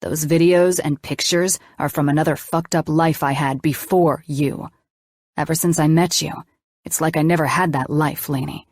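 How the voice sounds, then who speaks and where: A woman's voice: low voice, fairly even intonation, moderate pace, no room sound, clean studio sound. A woman voicing a young male doctor in an audiobook, defensive and swearing as he argues with his lover. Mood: heated. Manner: swearing, pleading.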